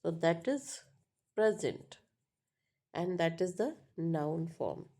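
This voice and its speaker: With a lowish, warm voice and lively intonation, this woman teaches pronunciation at an unhurried pace. She's patient, going over points again and often adding "right?" and "uh" in a slow, classroom-like explanation.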